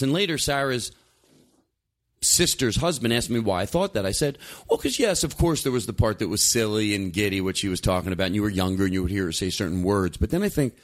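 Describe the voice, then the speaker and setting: A man hosting a podcast, telling stories in a rambling, animated way with many restarts. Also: medium pitch, fast talker. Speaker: podcast host. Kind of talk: casual storytelling chat.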